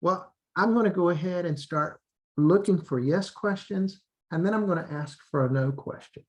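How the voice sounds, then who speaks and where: A man, an English teacher, explaining classroom methods in a relaxed training talk, repeating drill phrases and restarting often. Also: high voice, normal speed.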